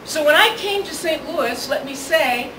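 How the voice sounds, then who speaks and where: A high-pitched woman delivers an earnest speech as a guest speaker, her voice bouncing around a reverberant venue. She sounds set back from the microphone, with steady room noise underneath. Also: unhurried. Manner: earnest personal storytelling. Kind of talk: public speech. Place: event venue with audience ambience. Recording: echoey, distant mic, noisy room.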